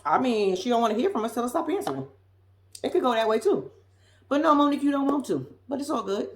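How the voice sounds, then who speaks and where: A sassy woman recaps a reality show in casual commentary, blunt and profane. Her fairly high voice swings widely in pitch, and she sounds like she is in an echoey room. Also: very animated, fast, slight background noise.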